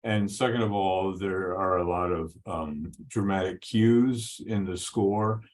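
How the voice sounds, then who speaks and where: A man hosting a radio interview, relaxed, giving brief acknowledgements and leading into questions. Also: sits low, slow pace. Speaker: radio host.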